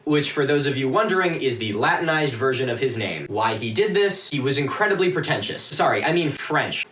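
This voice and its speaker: A man's voice: medium pitch, animated, a little fast, a bit bright. Exasperated, sarcastic young man, echoey. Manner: exasperated, sarcastic, swears often. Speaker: video host. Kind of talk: sarcastic debunking commentary. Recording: echoey room, distant mic.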